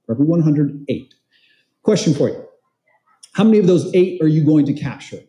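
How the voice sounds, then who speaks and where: A conference speaker and real estate trainer gives a motivational talk in a large event hall, chatting with the audience, quizzing the crowd, and telling stories. His voice is fairly high, dark-toned, and a little fast with lively intonation, and the hall lends a roomy echo.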